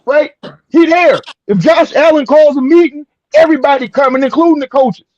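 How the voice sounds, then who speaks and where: Blunt, joking man with a very high voice. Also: normal speed, darkish tone, no room sound. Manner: blunt, crude joking, laughs a lot. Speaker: panelist. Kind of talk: casual sports talk. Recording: dry, dull lo-fi audio.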